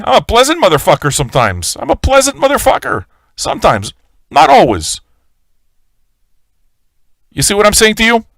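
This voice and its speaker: A man's voice: fairly high pitch, pushed and bright, no echo. A man hosting a live-stream radio show, ranting in a swaggering, profane way and talking straight to his viewers. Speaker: livestream radio host.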